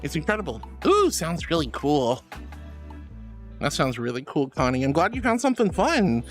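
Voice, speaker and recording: A woman's voice: sits low, sing-song, moderate pace, faint music behind. A woman streaming casually, reading chat messages aloud and thanking viewers in a gushing, affectionate way.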